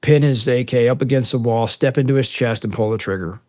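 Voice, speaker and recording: A middle-aged man, a podcast guest, tells an emotional war story in halting, profane bursts, choking up until he is near tears. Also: medium pitch, a little mellow. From United States.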